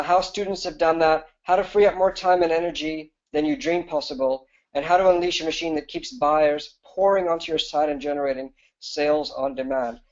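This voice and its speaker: A man giving a fast, enthusiastic sales pitch as a business coach on a live webinar, with fillers and restarts. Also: a little mellow, dull audio.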